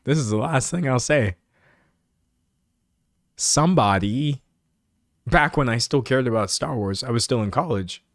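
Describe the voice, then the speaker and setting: A young man in casual live-stream chat, giggling often and rambling as he answers his viewers. His pitch sits in the middle range. The sound is dry and close. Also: lively intonation, unhurried, long pauses, no echo.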